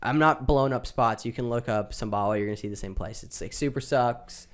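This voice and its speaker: A man's voice: mid-range voice, brisk. A young man, a podcast co-host, telling a travel story in casual chat and acting out the people in it. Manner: animated storyteller, acts out other people's voices.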